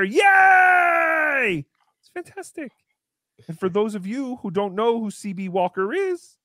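Gushing, lively podcast host. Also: medium pitch, no echo, studio quality. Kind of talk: casual podcast chat.

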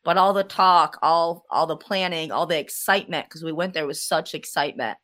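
A woman guest recounting a paranormal investigation in a casual interview, animated and laughing as she tells it. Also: sits low, fairly quick.

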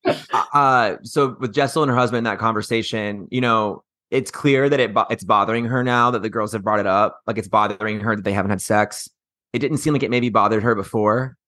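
A man's voice: lowish voice, steady tone, brisk, bright, forceful tone, no echo, studio quality. A man co-hosting a podcast, chatting in a reasoned, questioning way. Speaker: podcast co-host. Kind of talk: casual chat.

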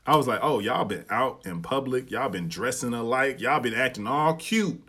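Animated man podcasting in AAVE. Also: normal speed, slightly rough. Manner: animated storytelling, acts out quotes with rising pitch, swears freely. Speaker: podcast host. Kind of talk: casual solo podcast commentary.

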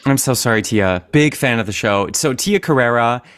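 A man's voice: mid-range voice, lively intonation, a bit bright, clean tone, dry recording. Upbeat male podcast host, dry close sound. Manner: upbeat, enthusiastic, quick to laugh along. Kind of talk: casual podcast chat.

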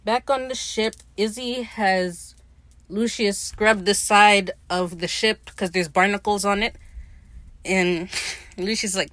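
A woman talks through a TV episode in a loose, chatty recap, swearing as she goes and slipping into brief quoted voices for the characters. Her voice sits at an ordinary middle pitch. The sound is dry and close, with no room echo. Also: steady tone, fairly bright tone. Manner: chatty, profane, acts out characters' lines in quick quotes. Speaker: podcast host.

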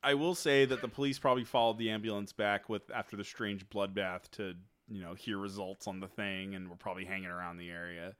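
Low-voiced relaxed man. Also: a little fast, hardly any pauses, clear, resonant tone. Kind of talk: casual chat.

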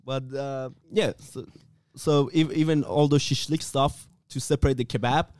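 A man's voice: medium pitch, fairly even intonation, normal speed, a little mellow, no room sound, studio quality. A man co-hosting a podcast in easygoing casual chat, often restarting his phrases. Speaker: podcast co-host.

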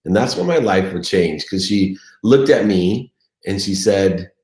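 A man's voice: deep voice, expressive, unhurried, a little mellow. A middle-aged man telling his own story as a motivational speaker, earnest and emotional. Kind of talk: confessional motivational speech. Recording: echoey room.

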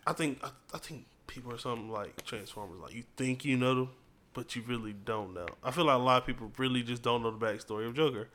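A man's voice: mid-range voice, quick pace, fairly bright tone. A man co-hosting a casual podcast, laid-back and teasing, calling his friend bro. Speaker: podcast co-host. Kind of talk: casual chat.

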